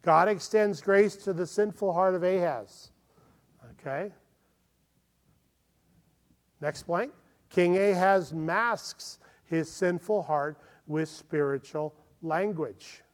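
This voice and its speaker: A man with a high voice preaches a sermon as a pastor, earnest and often asking his listeners to follow along. His words ring out in a large hall with a long reverb tail. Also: takes it slowly, pauses often.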